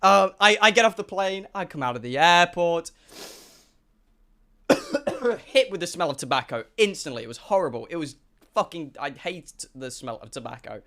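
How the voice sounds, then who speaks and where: A young man tells a story to his stream chat, excitable and full of swearing. His voice sits high and swings widely, and it sounds bright and forceful as he acts out each exchange. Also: normal speed, long pauses.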